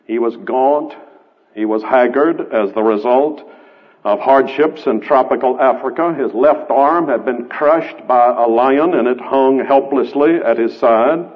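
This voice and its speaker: A man preaching a sermon, emphatic and building through repeated phrases. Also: medium pitch. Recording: tinny radio broadcast, phone-like band.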